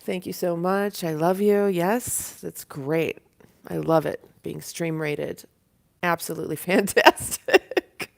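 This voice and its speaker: A woman's voice: fairly low pitch, little pitch movement, slow pace, gravelly, darkish tone. A woman hosting a casual livestream from her apartment, talking in a put-on Southern US accent, rambling and chatty with frequent laughs. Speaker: livestream host. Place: at home in an apartment. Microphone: device camera.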